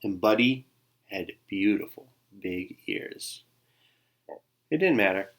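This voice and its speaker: A man reading a children's picture book aloud, with a lively sing-song delivery and soft hushed asides. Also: on the low side, takes it slowly. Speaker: storybook reader. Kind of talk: children's story read-aloud.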